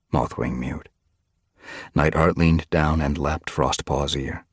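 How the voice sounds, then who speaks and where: A man reading a storybook aloud as narrator, steady and unhurried. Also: extremely low pitch, husky, no room sound, studio quality. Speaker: audiobook reader. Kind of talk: audiobook narration.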